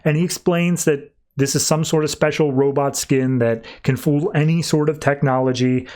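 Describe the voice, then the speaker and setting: A man hosting a podcast, retelling a comic in a quick, rambling way full of fillers. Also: fairly high pitch, fairly even intonation, darkish tone. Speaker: podcast host. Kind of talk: casual comic recap.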